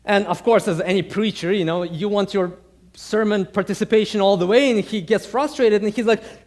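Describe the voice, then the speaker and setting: Man, pastor, sermon, conversational storytelling, frequent restarts, high voice. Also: normal speed, darkish tone.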